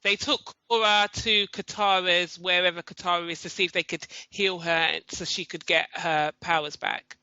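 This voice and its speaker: High bright-voiced man correcting. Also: fairly even intonation, normal speed, few pauses, smooth, no echo. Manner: corrects the other host. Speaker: podcast co-host. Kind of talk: casual chat. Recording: dull lo-fi recording, dry.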